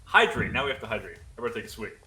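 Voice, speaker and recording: Excitable man co-hosting a livestream. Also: medium pitch, very fast. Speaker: co-host reading viewer chat. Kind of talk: casual livestream chat. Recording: roomy sound, faint music behind.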